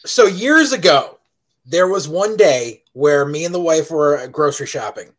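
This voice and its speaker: A man telling a story on a casual podcast, animated and swearing freely. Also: fairly high pitch, measured pace, poor audio. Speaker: podcast co-host.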